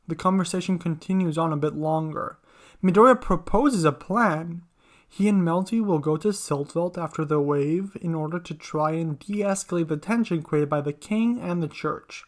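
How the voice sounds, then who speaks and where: Narrator for a fan fiction audio story, even middle-pitched voice, reads all parts. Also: normal speed.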